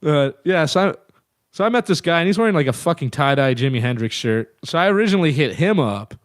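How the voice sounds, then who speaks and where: A man's voice: on the high side, animated, fast talker, dry recording, studio quality. A man in his thirties telling band stories in a casual, profane, rambling way as an interview guest. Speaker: guest musician.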